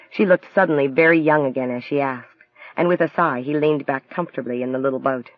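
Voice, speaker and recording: A man narrating a novel as an audiobook in an even, measured storytelling manner. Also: mid-range voice, no room sound, phone-quality sound.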